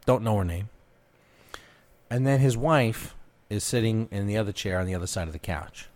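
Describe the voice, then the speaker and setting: A man's voice: lowish voice, moderate pace, darkish tone. A man co-hosting a podcast, telling a wild work story in casual chat, profane and laughing as it builds. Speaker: podcast co-host.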